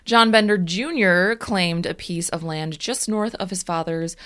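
A woman's voice: fairly low pitch, a little slow, fairly bright tone, smooth. A woman podcast host narrating a story in a casual, wry way, with fillers.

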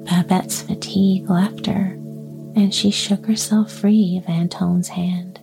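A woman storyteller narrating in whispered role-play, unhurried and hushed. Her whisper is mellow and dark-toned, with faint music behind it. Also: mid-range voice, flat delivery, gravelly.

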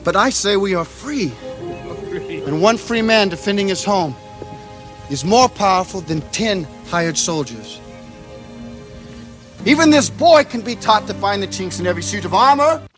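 An actor playing a heroic outlaw leader, making an earnest, rousing speech in a film clip. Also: male voice, high voice, lively intonation, unhurried, pauses often, fairly bright tone, soft background music. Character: heroic outlaw leader rallying his men. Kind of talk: film dialogue.

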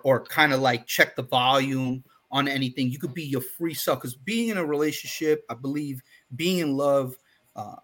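A man co-hosting a podcast, talking earnestly and emphatically in casual discussion. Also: on the high side. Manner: earnest, emphatic, gets loud and fired up. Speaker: podcast co-host.

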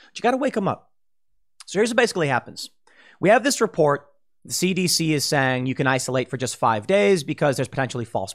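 A man hosts a political commentary monologue, his fairly high voice swinging widely in pitch. He makes emphatic, sweeping declarations and often restarts sentences or slips into quoted asides. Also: a bit bright.

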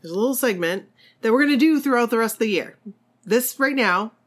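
A woman co-hosting a podcast who is losing her voice, explaining things in a relaxed, casual way. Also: a little high, brisk. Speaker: podcast co-host. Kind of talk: casual chat.

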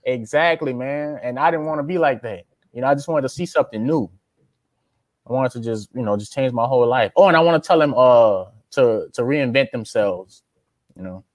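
In a dry recording, a young man from Louisiana, an aspiring rapper, is interviewed and talks casually in a drawl, frequently using "man" and "brother". His voice is mid-range and fairly quick.

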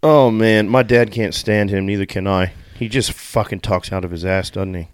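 A man's voice: on the low side, fairly even intonation, clean tone, no echo, studio quality. A man co-hosting a casual podcast, chiming in with short replies and crude banter. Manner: slow back-channel replies and crude banter. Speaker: podcast co-host.

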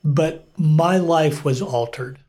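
Middle-aged male pastor, guest: slow, earnest testimony, voice sits a bit high. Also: dark tone. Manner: earnest, unhurried storytelling with frequent pauses. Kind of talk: personal testimony in conversation.

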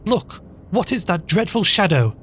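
A man's voice: medium pitch, lively intonation, brisk, darkish tone, a little hiss or hum, natural voice. A man voicing a timid, horror-stricken woman in a ghost story, stammering in fear. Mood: frightened. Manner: stammering, scared.

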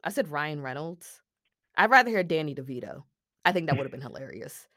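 A woman co-hosting a casual movie review podcast, animated and exclaiming, with slangy talk. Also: deep voice, fairly quick, dry recording, clean studio sound. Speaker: podcast co-host.

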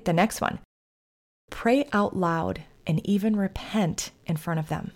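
Earnest woman giving calm parenting advice. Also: fairly low pitch. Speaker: podcast host, family therapist. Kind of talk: faith-based parenting advice talk.

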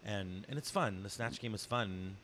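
A man with a bright, forceful voice hosts a loose podcast chat. He gushes over his guest, swears casually and pads his talk with fillers. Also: fairly low pitch, moderate pace, slight background noise. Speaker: podcast host. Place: bar.

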